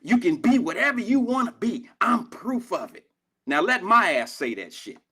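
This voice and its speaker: This Cincinnati talk show host, a middle-aged man, lashes out at his critics on his live call-in program with fiery, profane confrontation. He speaks at a moderate pace in a high-pitched, very animated voice that is pushed, bright and slightly rough.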